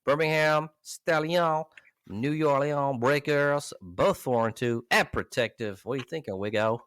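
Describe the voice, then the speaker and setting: A man's voice: a little high, unhurried, fairly bright tone, smooth, no room sound, clean studio sound. A man hosting a casual podcast with loose, profane, laughing banter. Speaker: podcast host. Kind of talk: casual comedic podcast chat.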